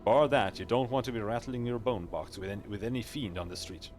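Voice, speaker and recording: A man voicing a nervous, chatty male skull companion in a game, giving excited slangy warnings. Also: fairly low pitch, fairly quick, faint music behind, close to an everyday voice. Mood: urgent.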